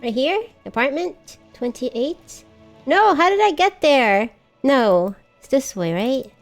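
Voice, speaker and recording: A woman's voice: sits high, lively intonation, takes it slowly, soft background music. A woman streaming a video game live, chatting casually and mocking herself as she gets lost. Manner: chatty, self-mocking, exclamatory. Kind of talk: casual live gameplay chat.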